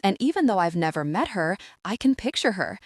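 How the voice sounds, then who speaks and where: In clean, echo-free studio sound, a woman with a mid-range, sing-song voice speaks a little fast as she voices a rugged, protective young man in an audiobook. Her delivery is earnest, firm, and direct.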